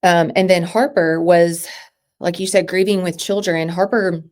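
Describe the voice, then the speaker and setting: A woman in her thirties with a slightly low voice speaks as a podcast guest. Her talk is halting, full of restarts and sentences that trail off. The tone is that of a personal interview. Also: fairly even intonation, darkish tone.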